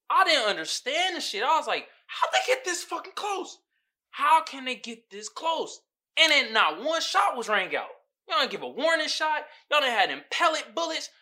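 Male podcast host, profane and animated, bright edgy voice. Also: high voice. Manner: animated, profane, mimics people in quoted voices. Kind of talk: casual commentary monologue.

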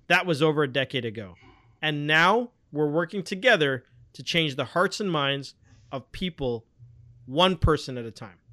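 Upbeat higher-voiced male podcast host. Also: sharp tone. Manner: upbeat, scripted-sounding introduction. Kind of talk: podcast hosting and interviewing.

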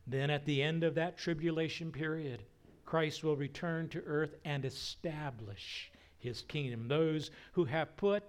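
Slow, emphatic male preacher. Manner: slow, emphatic delivery with wide swings in pitch and loudness; acts out quotes in a raised voice and drops to near whispers. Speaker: pastor. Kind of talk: sermon.

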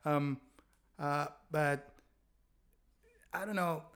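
Guy rambling and laughing thru dating stories, bright slightly high voice. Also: steady tone, extremely slow. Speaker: podcast guest, stand-up comedian. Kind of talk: casual chat. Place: Berlin.

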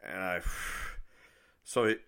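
A man vlogger telling a story in a rambling, animated rant. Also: low voice, very slow, clean tone. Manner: rambling, animated, many restarts and asides.

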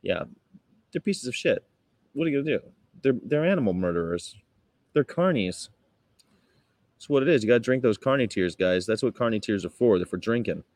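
On a dry recording, a vegan activist livestreamer from Chicago chats casually, rambling, laughing often and reading things aloud. His voice is a little mellow with lively intonation, fairly quick with frequent pauses, and he puts on a mock-sweet high voice when quoting politeness.

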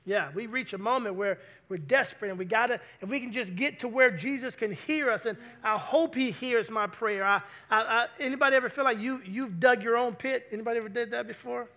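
A man preaching a sermon to a congregation in a lively way, often putting questions to the listeners. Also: extremely high pitch, brisk, hardly any pauses. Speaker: pastor.

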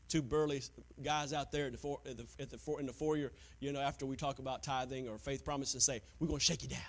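A man preaching a sermon as pastor, dropping to hushed, near-whispered lines and rising to loud, emphatic preaching, sometimes mocking grudging givers in put-on voices. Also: fairly high pitch.

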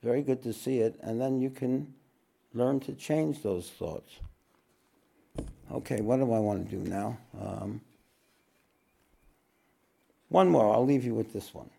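A man teaching a spiritual talk to an audience, unhurried, repeating his phrases and often clearing his throat. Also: mid-range voice, warm tone.

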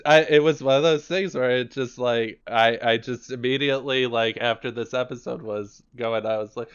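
Male podcast co-host, smooth resonant voice, chatty and filler-heavy, slightly dull lo-fi sound. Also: medium pitch, fairly even intonation, moderate pace, hardly any pauses. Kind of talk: casual chat.

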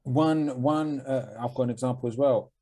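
Cockney male co-host, young, dark husky tone, mumbly and blunt, swears a lot. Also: mid-range voice, moderate pace. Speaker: podcast co-host. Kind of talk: casual chat.

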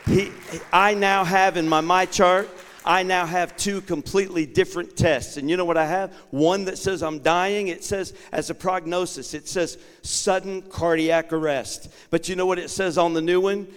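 A man preaching a sermon as a guest bishop, telling a personal story with acted-out dialogue that swings from quiet asides to shouted proclamation. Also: high voice, fairly even intonation, normal speed, clean tone. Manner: dramatic storytelling, acting out dialogue. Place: church sanctuary. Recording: long reverb of a large sanctuary.

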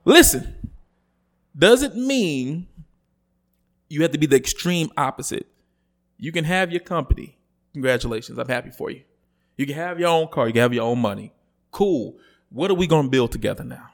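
Guy going off on a podcast, casual chat that builds to a loud rant. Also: mid-range voice, brisk. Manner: animated, rises to loud ranting when worked up. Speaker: podcast co-host.

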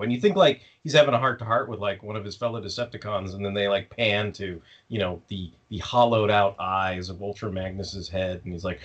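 A man's voice: on the low side, fairly quick, few pauses, a bit bright. A man co-hosting a casual fan podcast, ranting sarcastically with plenty of profanity and mocking impressions of the characters. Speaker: podcast co-host. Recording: slightly dull lo-fi audio.

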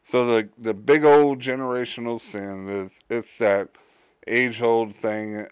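A man hosts a solo podcast at an unhurried, deliberate pace. His voice is smooth and clear and sits a little low. The sound is dry and close, and he stumbles and restarts as he talks. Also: fairly even intonation, no echo. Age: adult, a father. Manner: halting, many fillers and restarts. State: tired, yawning. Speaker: podcast host. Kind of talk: casual solo podcast monologue.

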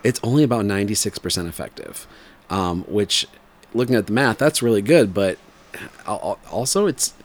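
This fortysomething man talks on the low side at a normal speed, spinning a rambling story in casual chat. He laughs and uses lots of fillers, and he puts on animated voices whenever he quotes someone.

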